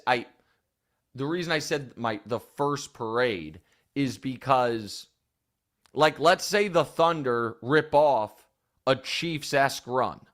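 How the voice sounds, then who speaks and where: An opinionated male sports talk host. His voice sits at an ordinary middle pitch, and he builds his points in long, rambling, thinking-aloud runs, like casual studio commentary. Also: fairly bright tone.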